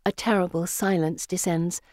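A woman reads a first-person story in a measured, gentle way. Her voice sits on the low side and the recording is dry and close. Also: steady tone, dry recording. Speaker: narrator. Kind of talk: audiobook narration.

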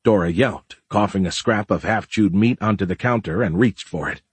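A man narrating an audiobook in a steady, even-paced way. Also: fairly low pitch, normal speed, husky, no room sound.

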